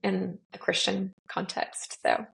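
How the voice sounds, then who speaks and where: A woman guest speaks thoughtfully and gently about faith. Her voice has a strong gravelly fry and a husky, breathy edge. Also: medium pitch, level tone, takes it slowly. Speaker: podcast guest, ministry leader. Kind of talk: casual conversation.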